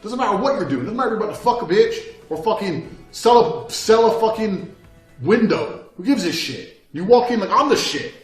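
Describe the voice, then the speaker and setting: A man's voice: high-pitched, lively intonation, fairly quick, a little mellow. A man in his thirties giving a blunt, profane motivational talk, swearing constantly and acting out quoted exchanges. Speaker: motivational speaker. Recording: echoey room with faint music.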